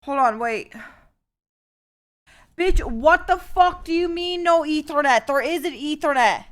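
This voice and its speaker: A young woman streaming live, chatting casually and cursing freely, given to loud rants. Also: high voice, measured pace. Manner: foul-mouthed, swings into loud ranting outbursts.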